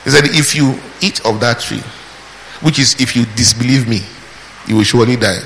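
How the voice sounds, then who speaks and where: A man's voice: mid-range voice, normal speed, creaky, a bit bright. A man preaching a sermon, emphatic, asking the congregation questions, answering them himself, and calling out praise between points. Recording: long hall reverb with faint background noise.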